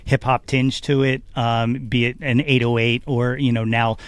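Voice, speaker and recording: A man's voice: medium pitch, little pitch movement, moderate pace, clear, resonant tone, no echo. A man who used to DJ, co-hosting a music podcast in casual chat, rambling with many fillers and enthusiastic about songs. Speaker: podcast co-host and former DJ.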